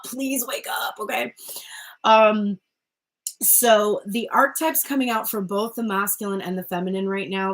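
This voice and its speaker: A young woman talks through a spiritual card reading at home in a loose, rambling way. She circles back on herself with fillers and restarts, and her voice sits at a middle pitch as she speaks into a phone or webcam. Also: poor audio. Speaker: tarot reader.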